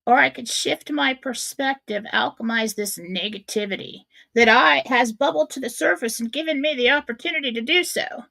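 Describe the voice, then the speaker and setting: A woman's voice: sits high, normal speed, creaky, hardly any pauses, sharp tone, no echo. A middle-aged woman hosting a radio show, telling a personal story in a candid, self-mocking way. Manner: candid, self-mocking, acts out her own thoughts.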